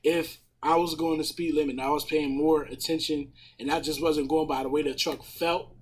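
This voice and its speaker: Husky man telling a heated story. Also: a little high, moderate pace. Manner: profane, animated retelling of a story. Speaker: podcast panelist. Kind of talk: casual storytelling chat.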